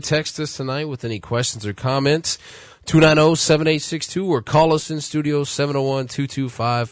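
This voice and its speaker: A man co-hosting a radio show, briskly announcing and reading out contact details. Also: mid-range voice, no echo. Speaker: radio co-host.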